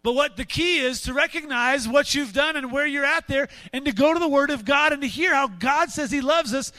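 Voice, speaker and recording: A man preaching with a strikingly high, bright voice, animated and quick to act out quotes in other voices. The sound is close and dry with no room echo. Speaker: pastor. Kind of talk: sermon.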